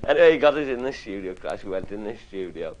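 A man's voice: lowish voice, lively intonation, fast talker, highs cut off. A man telling salty, earthy stories to a live audience, swearing casually and chuckling as he goes. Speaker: comedic raconteur. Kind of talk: anecdotal storytelling to a live audience. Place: live event before an audience. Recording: live audience laughter behind.

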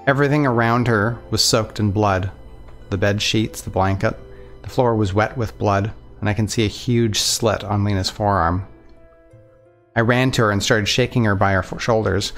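A man reading a visual novel aloud in earnest, steady first-person narration. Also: lowish voice, normal speed, soft background music. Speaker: let's play narrator.

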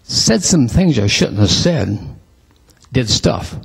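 A man reciting a dramatic religious poem in church, emotional and pleading, with a husky voice. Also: mid-range voice, big pitch swings, slow pace. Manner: emotional, pleading, rising to cries.

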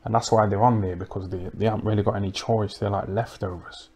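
A man doing a rambling comic monologue, deadpan and crude, mocking people and tacking "innit" and "you know what I mean" onto his lines. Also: fairly low pitch, fast, breathy edge. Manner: deadpan, crude and mocking, full of tag questions. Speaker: comedic livestream host.

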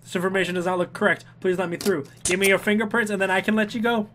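A man's voice: sits high, fairly even intonation, fast talker, a bit bright, a little hiss or hum. A man giving casual gameplay commentary as a let's player, goofy and chatty, talking back to the characters and humming to himself. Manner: goofy, talks back to game characters, hums and sings to himself.

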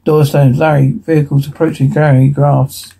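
A man reading a show transcript in a dark voice. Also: on the high side, level tone, normal speed, creaky, breathy edge, poor audio. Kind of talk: reading a TV episode transcript with sound cues.

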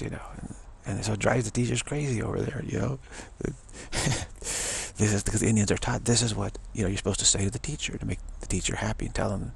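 A man's voice: fairly low pitch, fairly even intonation, fast talker, gravelly, slight background noise. A man giving an informal spiritual talk as a teacher, rambling and full of "you know" fillers. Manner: rambling, frequent 'you know' fillers.

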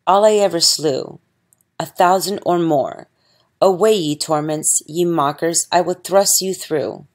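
A woman's voice: low voice, measured pace, darkish tone. A woman reading a raving dead king's ghost. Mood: defiant.

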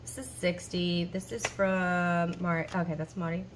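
A woman's voice: fairly low pitch, little pitch movement, a little slow, a little hiss or hum. Chatty woman counting cash aloud. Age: 40s. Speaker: budgeting vlogger. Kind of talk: casual chat while counting cash.

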